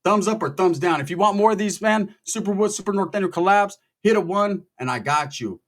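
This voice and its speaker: A man telling a story in a casual, profane, animated way, acting out the people in it. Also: high voice, brisk. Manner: profane, animated, quotes people in their voices.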